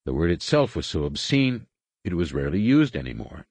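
A man narrating an audiobook in a deep, low voice with a husky grain. His reading is measured yet lively in pitch, recorded dry and close with no room sound. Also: no room sound. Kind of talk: scripted narration.

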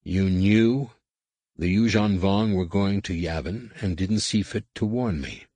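Man voicing a quiet, weary Jedi master. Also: low voice, no room sound. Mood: grave. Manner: quiet and measured.

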